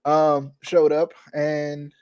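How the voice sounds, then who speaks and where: Rambling, slightly high-voiced male host. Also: extremely slow, smooth. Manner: rambling, self-correcting, excitable. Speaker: podcast host. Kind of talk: casual chat.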